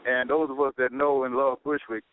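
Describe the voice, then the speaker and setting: A man's voice: medium pitch, flat delivery, a little fast, no room sound. A man from Port Arthur, a rap group guest telling loose stories in a casual radio interview. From Port Arthur, Texas. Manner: loose anecdotal storytelling. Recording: tinny phone-line radio audio, faint hiss.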